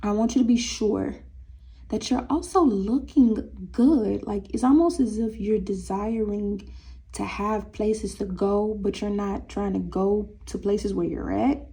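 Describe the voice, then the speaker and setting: A young woman reading tarot cards in a loose, sassy way, teasing her viewers as if they were friends. She speaks, and her voice is gravelly and mellow. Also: medium pitch, a little slow. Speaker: tarot reader.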